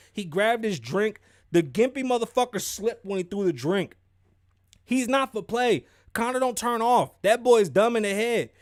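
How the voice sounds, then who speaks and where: A young man hosts a casual podcast, ranting in an animated, profane way about sports news. His voice sits on the high side and sounds dry and close, with no room in it. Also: no echo. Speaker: podcast host. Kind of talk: casual commentary.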